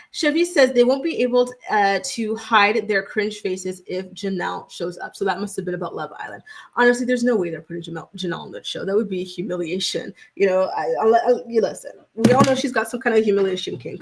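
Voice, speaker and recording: A woman's voice: medium pitch, fairly bright tone. A woman hosting a gossip livestream, reading viewer comments in a chatty, rambling way full of fillers. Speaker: host.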